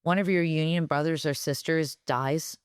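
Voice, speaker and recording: A woman's voice: deep voice, fairly even intonation, moderate pace, clean tone, dry recording, studio quality. A middle-aged woman co-hosting a podcast, chatting frankly and swearing freely. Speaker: podcast co-host. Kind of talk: casual chat.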